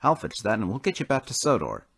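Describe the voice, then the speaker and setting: A man's voice: fairly low pitch, huge pitch swings, fast, a bit bright, slightly rough, exaggerated voice. A man voicing a friendly film director in a toy train story, kind and matter-of-fact. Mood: kindly.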